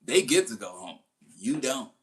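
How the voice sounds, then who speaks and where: This is a man hosting commentary, talking casually and with real energy as he tells stories. His voice sits in the middle range, the pace is moderate, and he laughs along with plenty of slang.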